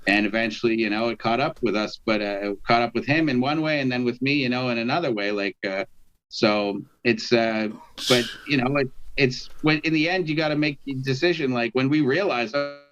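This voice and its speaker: A man's voice: medium pitch, brisk, a bit bright. A man from Canada, a rapper guest, telling stories in a rambling, filler-heavy casual interview over a video call. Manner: rambling storyteller, many fillers. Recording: dull lo-fi video call audio.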